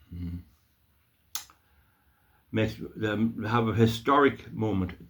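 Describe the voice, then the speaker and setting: A man with a west of Ireland accent giving a blunt, scornful solo commentary on news articles for his channel. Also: lowish voice. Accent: Irish, west of Ireland. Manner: blunt, scornful rant, mock-emotional jeering. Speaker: YouTube commentator.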